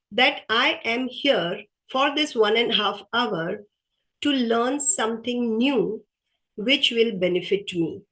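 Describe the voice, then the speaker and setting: Woman, unhurried webinar speaker, slightly high voice, earnest and repetitive. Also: a bit bright, rough recording. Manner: slow, earnest, repeats key phrases. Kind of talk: motivational workshop talk.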